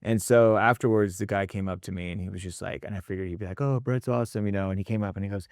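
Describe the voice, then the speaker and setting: A man talking casually in a podcast conversation, telling animated stories, acting out quotes and tagging his points with "right?", with some mild swearing. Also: low-pitched, very fast, dry recording, studio quality. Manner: animated storyteller, acts out quotes, tags lines with "right?". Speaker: restaurant leadership founder and host.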